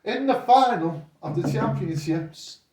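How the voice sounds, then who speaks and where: Older boxing coach telling stories. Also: male voice, high-pitched, unhurried, recorded from a distance, a little hiss or hum. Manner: rambling, animated retelling with quoted voices. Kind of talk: casual storytelling chat. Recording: echoey room, voice off-mic.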